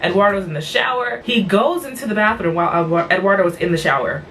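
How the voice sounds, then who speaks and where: A woman's voice: mid-range voice, fast, fairly bright tone, distant mic, a little hiss or hum, low-quality recording. A tired woman hosting a vlog, recapping a cartoon episode in a blunt, exasperated, rambling chat.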